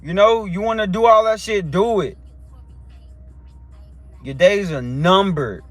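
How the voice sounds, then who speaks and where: A man's voice: high-pitched, slow, no room sound, soft background music. A young man ranting in a preachy, heated live-stream monologue, full of street slang and repeated questions.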